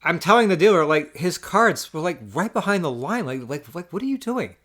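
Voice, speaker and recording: Male vlogger with a slightly raised pitch, venting a story in an irritated, cursing rant. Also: animated, normal speed, bright, forceful tone. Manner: profane and exasperated, stammering restarts. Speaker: poker player vlogger. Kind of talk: ranting storytelling.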